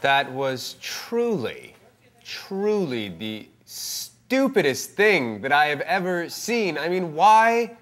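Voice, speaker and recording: A woman's voice: low voice, very animated, slow pace, exaggerated voice. A woman playing an exasperated Jesus judge. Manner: sarcastic, exasperated.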